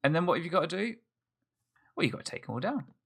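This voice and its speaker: A man's voice: a little high, very animated, quick pace, gravelly, fairly bright tone, husky. A man hosting a let's play, thinking aloud in chatty, self-mocking commentary as he plays. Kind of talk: casual gameplay commentary.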